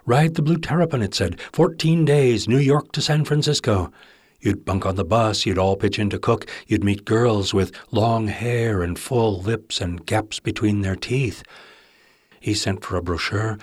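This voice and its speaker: A man reads literary fiction aloud with a wry, intimate touch. His voice sits low and carries a husky grain. The recording is dry, with no room sound. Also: no room sound. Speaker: narrator. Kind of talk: audiobook narration of literary fiction.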